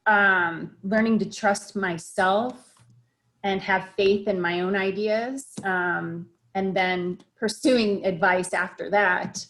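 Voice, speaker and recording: A woman's voice: medium pitch, fairly even intonation, slow pace, fairly bright tone. A woman restaurant owner telling a story in a video call interview, reflective, with frequent fillers and restarts. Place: home office at a computer.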